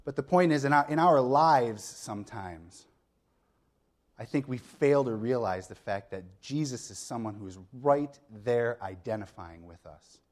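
A middle-aged male pastor gives a sermon in an easy, conversational style, with a voice of ordinary pitch for a man. He explains his point bit by bit and asks the congregation rhetorical questions. He often checks in with a quick "okay?". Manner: explains step by step, with frequent "okay?" check-ins.

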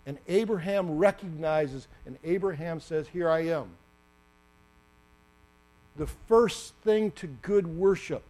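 A man preaching a sermon, animated and acting out the story with sudden loud bursts. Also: fairly high pitch.

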